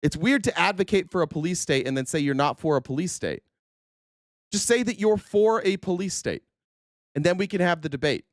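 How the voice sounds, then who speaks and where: Man, host, high-pitched voice, dry close sound, heated profane rant, rhetorical questions. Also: animated, brisk, dry recording. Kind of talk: political commentary rant.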